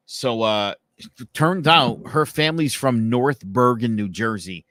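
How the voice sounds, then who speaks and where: A man's voice: mid-range voice, a little slow, a bit bright, dry recording. A young man co-hosting a casual podcast, telling a story with lots of restarts and acted-out quotes. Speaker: podcast co-host.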